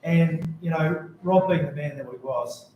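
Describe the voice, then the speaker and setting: A man's voice: fairly high pitch, unhurried, highs cut off, a crowd in the background. New Zealand man telling jokey memorial stories. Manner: rambling, jokey anecdotes. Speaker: mourner giving a tribute. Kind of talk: memorial speech. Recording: very echoey room.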